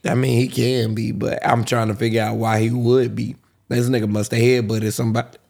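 A man co-hosting a podcast in casual chat, slow and thoughtful, laughing easily, with hiccups. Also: mid-range voice, level tone, gravelly, a little mellow. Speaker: podcast co-host.

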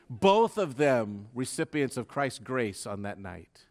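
A man preaching a sermon with fervor, dropping to a hush and then rising to loud, dramatic peaks. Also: mid-range voice, sing-song, slow pace. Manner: dramatic preaching, swinging from hushed to loud, fervent.

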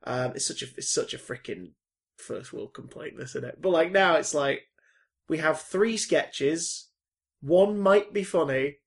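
A man co-hosts a casual podcast, his voice sitting a little high for a man. He rambles and swears freely, often rushing through his thoughts. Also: vocal fry. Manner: rambling, sweary, quick bursts. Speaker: podcast co-host. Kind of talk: casual chat.

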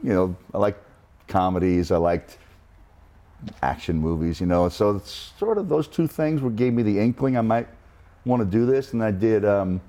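Low-voiced middle-aged man telling wry stories. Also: lively intonation, moderate pace, warm tone. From New Jersey. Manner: wry, self-deprecating anecdotes. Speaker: guest. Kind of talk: casual interview storytelling.

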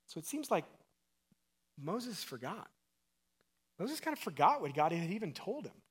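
A man preaching a sermon as pastor, asking his listeners questions and acting out quoted voices, swinging between loud emphatic calls and quiet low passages. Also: very animated, a little slow, slightly rough. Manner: acts out quoted voices and asks the crowd questions.

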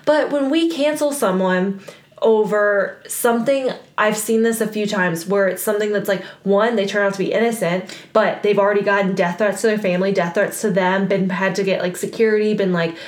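A young woman co-hosting a casual chat, talking fast and loose with lots of fillers and laughter. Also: medium pitch, steady tone. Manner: chatty, laughing, frequent "like" fillers. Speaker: co-host. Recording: roomy echo.

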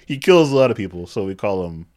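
This man talks in a fairly low voice as he trades movie jokes. He keeps a laid-back, wry tone and laughs easily. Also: big pitch swings, fast, a little mellow. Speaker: podcast co-host. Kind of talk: casual movie recap chat.

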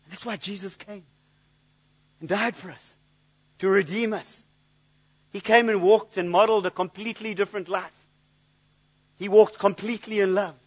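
A man's voice: high voice, steady tone, moderate pace, pauses often. A man preaching a sermon in an earnest, searching way, often repeating words as he looks for the next thought. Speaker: pastor.

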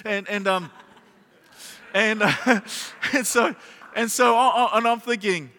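A middle-aged pastor preaching a sermon, telling a humorous story and asking the congregation rhetorical questions. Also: male voice, high voice, slow, pushed and bright. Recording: long hall reverb.

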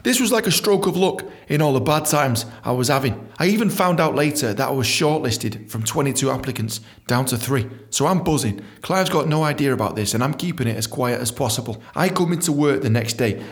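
A British man hosting a podcast, telling stories in a lively, profane, casual way and acting out the dialogue. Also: mid-range voice, brisk, few pauses. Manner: animated, profane, acts out dialogue. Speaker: podcast host. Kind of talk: casual storytelling.

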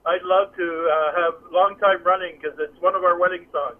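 A man calling in to a radio show, telling a memory in a nostalgic, relaxed way. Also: high-pitched, normal speed. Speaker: caller. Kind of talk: phone-in chat. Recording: tinny phone line.

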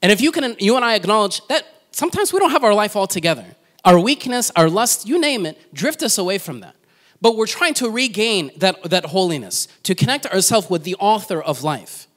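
A man's voice: high voice, big pitch swings, fairly quick, a bit bright. A man preaching a sermon in a conversational way, asking the congregation questions and telling personal stories with self-deprecating humor.

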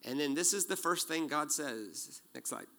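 High, bright-voiced preaching man in his forties. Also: normal speed. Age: 40s. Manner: animated storytelling with jokes and acted-out quotes. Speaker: pastor. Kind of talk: sermon.

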